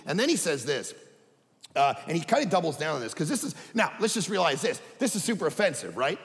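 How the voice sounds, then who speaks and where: A middle-aged man preaching a sermon as a pastor, conversational and animated, dropping to a hush and then rising to a shout. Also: high voice, brisk, gravelly. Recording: echoey hall reverb.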